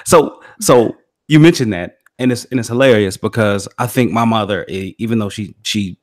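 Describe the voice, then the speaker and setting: A man in casual podcast chat, telling animated anecdotes and laughing along. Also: fairly low pitch, normal speed. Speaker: podcast co-host. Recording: dry close sound.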